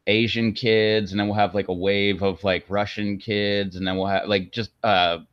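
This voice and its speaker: A man hosting his video channel chats casually on a stream, rambling, joking, and using lots of fillers. He speaks at normal speed with a flat, smooth delivery. The audio is dull, dry, and low-fidelity, with no room sound.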